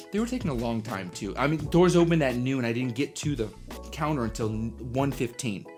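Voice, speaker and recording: Lively young man telling a story. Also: mid-range voice, fast talker, faint music behind. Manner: animated, acts out voices in his story, drops to hushed asides. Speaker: coffee livestream host. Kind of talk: casual storytelling monologue.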